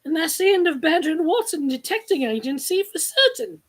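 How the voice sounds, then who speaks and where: A woman's voice: very high voice, lively intonation, brisk, voice pushed up. A woman voicing a nervous young male sidekick who talks in a worried, pleading way, read aloud from her novel. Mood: anxious.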